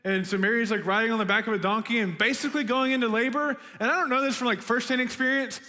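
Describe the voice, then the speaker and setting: A man's voice: extremely high pitch, quick pace. A young man giving a casual, chatty sermon to students, full of "like" and "right?", as a youth pastor. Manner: chatty and animated, lots of "like" and "right?". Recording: long hall reverb.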